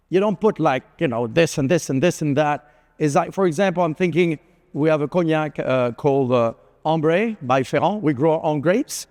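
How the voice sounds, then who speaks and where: A man's voice: a little high, darkish tone. A middle-aged man giving a conference keynote, telling anecdotes in a chatty way with lots of fillers. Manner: anecdotal, conversational, with frequent fillers. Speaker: keynote speaker. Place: large conference hall. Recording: reverberant hall.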